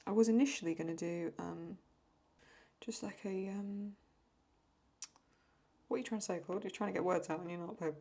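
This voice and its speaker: A woman's voice: mid-range voice, fairly quick, vocal fry, a little mellow. A young English woman chatting casually and rambling while she draws and answers viewer questions. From England. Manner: chatty, rambling, self-talk. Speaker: host. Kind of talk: casual chat while drawing.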